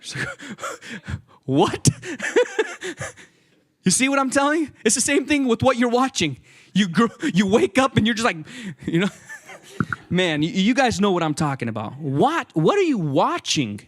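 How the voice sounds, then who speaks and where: A young man preaching with a high, bouncing voice that leaps up and down as he acts out little scenes. He talks to his listeners in a loose, joking way, keeping the sermon casual and animated. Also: moderate pace, pauses often. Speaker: youth speaker. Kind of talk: lively sermon.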